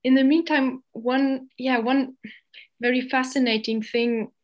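A woman's voice: high voice, steady tone, measured pace, dull audio. A woman moderating an online panel discussion, polite and a little hesitant, with fillers as she poses questions.

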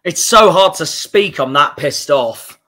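A man's voice: fairly high pitch, animated, measured pace, pushed and bright. A young man with a Cornish accent, angry and swearing as he hosts a football fan livestream reaction. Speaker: football fan channel host.

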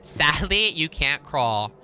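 A woman talks through her gameplay in casual commentary, teasing and sassy. Her voice is very bright and sharp. Her pitch swings widely, and she breaks into sudden excited shrieks. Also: extremely slow, soft background music. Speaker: gaming video host.

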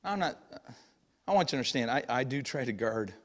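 A middle-aged male pastor preaching a sermon, moving between shouted passages and hushed asides, recorded in a church sanctuary. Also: medium pitch, lively intonation, brisk. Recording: long church hall reverb.

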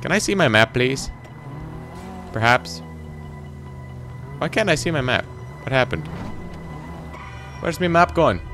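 A teenage boy giving rambling, excitable commentary while playing a video game. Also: mid-range voice, unhurried, pauses often, music in the background. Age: teens. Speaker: gaming channel host. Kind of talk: gameplay commentary.

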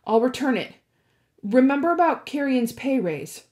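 A woman's voice: high voice, big pitch swings, normal speed, darkish tone. A woman voicing a brave, defiant teenage boy hero in a read-aloud, with bold, cheeky retorts.

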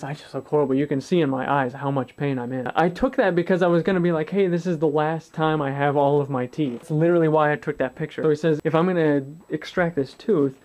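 A vlogger in his twenties tells a personal story to camera, bluntly and with plenty of swearing, acting out what other people said. His voice is fairly high pitched and a little mellow.

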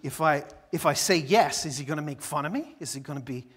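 Pastor, chatty storytelling sermon. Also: male voice, a little high, quick pace, breathy edge, in a large hall. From Newfoundland, Canada. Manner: conversational and animated, with frequent fillers and restarts.

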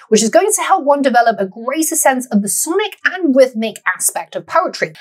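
Animated woman teaching poetry. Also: mid-range voice. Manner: animated, lively explaining. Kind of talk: explanatory lesson.

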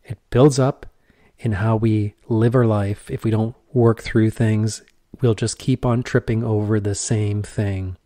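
A man's voice: lowish voice, little pitch movement, unhurried, warm tone, no room sound, clean studio sound. A middle-aged man hosting a podcast, talking earnestly in a reflective monologue with repeated phrases and rhetorical questions. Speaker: podcast host.

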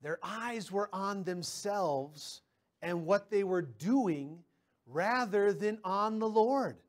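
A man's voice: high voice, expressive, takes it slowly. A man preaching a sermon as pastor, talking conversationally with personal stories and often repeating words as he starts a sentence.

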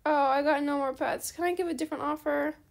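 This young gaming channel host talks quickly, chatting over gameplay in a high voice that drops into a gravelly fry. Rambling and chatty, she keeps saying sorry and gets excited easily when new things come up.

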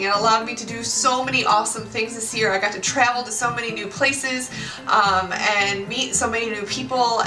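A woman in her late twenties chatting casually to her viewers in a bubbly, exclamatory way. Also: mid-range voice. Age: 20s. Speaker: YouTuber. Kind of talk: casual chat to camera. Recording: roomy echo, far from the mic, music behind. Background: music.

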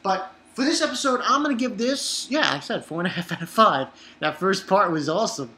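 Male reviewer, bright tone, casual and profane, rambles and chuckles. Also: high voice, lively intonation, brisk. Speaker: anime episode reviewer.

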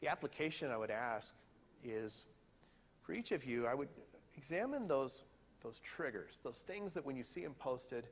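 A man giving a sermon in a church, earnest and questioning, sometimes pausing to search for words. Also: mid-range voice, animated. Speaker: pastor. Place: church sanctuary. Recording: hall reverb.

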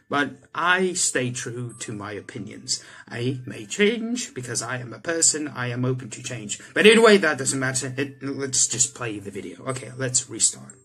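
Man reacting to a visual novel. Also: breathy edge. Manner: reads visual novel lines in a flat low voice, jumps loud and high for his own reactions. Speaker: gaming YouTuber. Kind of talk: let's play commentary reading game dialogue aloud.

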